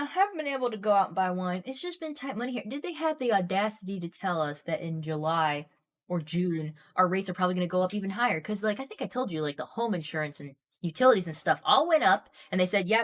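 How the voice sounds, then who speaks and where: A woman streamer chatting casually and telling a long story, getting animated and worked up as she rambles. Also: mid-range voice, quick pace.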